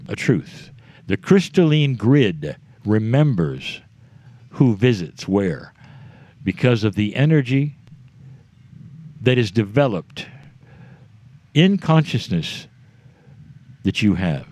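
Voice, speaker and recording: A man giving a spiritual talk to a group, slow and deliberate, letting his voice drop low at the ends of phrases. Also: sing-song, darkish tone, no room sound. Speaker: spiritual speaker.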